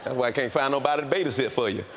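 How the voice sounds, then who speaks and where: An older man preaching with folksy humor, moving from soft, low asides to loud shouted outbursts. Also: racing, heavy background noise. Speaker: pastor. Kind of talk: sermon.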